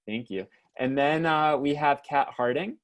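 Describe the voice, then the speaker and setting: A man's voice: fairly high pitch, unhurried. Hesitant man hosting a webinar. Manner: hesitant, many uh and um fillers, stumbles on names. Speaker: host and moderator of a webinar. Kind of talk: live webinar introduction.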